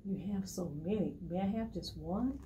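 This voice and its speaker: A woman voicing a small, timid male blue fish in a children's story, pleading in a soft, half-whispered way. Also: medium pitch, normal speed, muffled recording, slight background noise, lightly acted.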